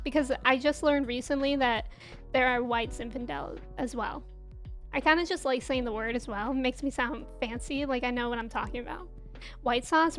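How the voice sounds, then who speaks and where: Giggly young woman streamer with a high voice, chatting with her viewers, faint game music under her. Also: a bit bright. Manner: chatty, giggly, greets and answers chat. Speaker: livestreamer. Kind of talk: casual chat while playing a game.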